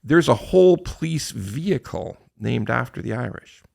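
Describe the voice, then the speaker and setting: Gravelly, animated man hosting a podcast. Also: medium pitch, moderate pace. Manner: animated, swears freely, laughs often; repeats words when restarting. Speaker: podcast host. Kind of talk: casual podcast chat.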